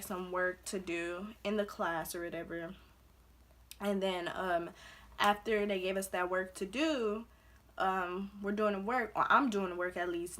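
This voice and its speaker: A young adult woman from Belize tells a story to her vlog audience in a relaxed, chatty way. She fills her sentences with "like" and acts out what other people said. Her voice sits at an ordinary middle pitch. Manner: chatty, heavy use of "like", acts out quotes. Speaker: vlogger. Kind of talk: casual storytime.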